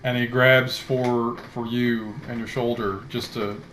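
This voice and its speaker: A man running a tabletop game as dungeon master, telling the scene slowly and dramatically. He speaks into a headset at a mid pitch, with a faint hiss under the voice. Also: little pitch movement, a bit bright. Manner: slow, dramatic storytelling.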